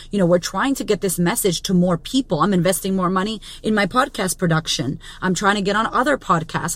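A woman in her thirties, a business coach and podcast host, delivering a blunt, profane motivational monologue with strong emphasis. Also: mid-range voice. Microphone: studio podcast mic.

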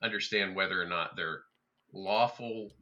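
A man playing a tabletop game, asking questions and planning his character's moves out loud. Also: sits low, moderate pace, lo-fi sound. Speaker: player. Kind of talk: casual chat at a game table.

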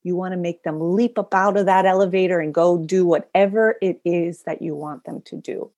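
Woman guest speaker, dramatic storyteller, somewhat low-pitched, recorded dry. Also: steady tone, normal speed, darkish tone, no room sound, dull audio. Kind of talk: interview storytelling.

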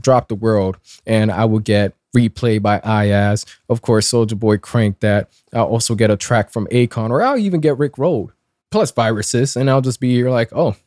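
A man in his twenties hosting a casual commentary show, sarcastic and blunt, with lively swings in pitch. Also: no echo, studio quality. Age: 20s. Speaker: commentary host.

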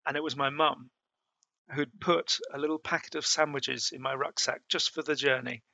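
Gravelly man telling travel stories. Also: medium pitch, steady tone, normal speed, bright, forceful tone, dry recording. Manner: hesitant, many fillers and restarts. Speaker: interview guest. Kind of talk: storytelling in a conversation.

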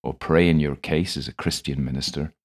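A man voicing a gruff, grey-bearded old male apothecary with a West Country accent in an audiobook, speaking in a measured, stern, matter-of-fact way. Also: a bass voice, steady tone. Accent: West Country English. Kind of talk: audiobook character voice.

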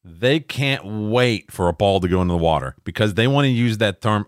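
A man's voice: fairly low pitch, lively intonation, normal speed, no room sound, studio quality. A man co-hosting a podcast in crude casual banter, a profane storyteller prone to ranting. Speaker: podcast co-host.

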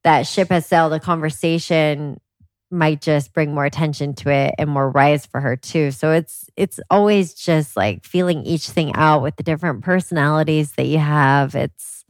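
A woman talking as a podcast guest, a lively storyteller who fills her talk with "like". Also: low-pitched, normal speed, dry recording. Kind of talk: casual interview chat.

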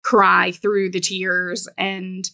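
A woman's voice: lowish voice, monotone, drawn-out words, vocal fry, sharp tone. A woman who is a business coach, a guest on a podcast, telling her personal story in a candid, reflective way with many "you know" fillers.

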